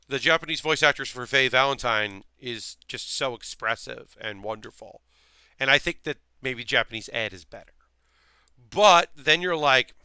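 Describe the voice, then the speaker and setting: A man's voice: mid-range voice, sharp tone, clear, resonant tone, dry recording. A man chatting casually on a live stream while building a model kit, rambling with many fillers and restarts.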